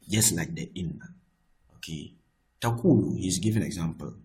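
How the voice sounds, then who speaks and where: A man's voice: low-pitched, darkish tone, poor audio. A man teaching a grammar lesson, explaining patiently, repeating himself and restarting phrases.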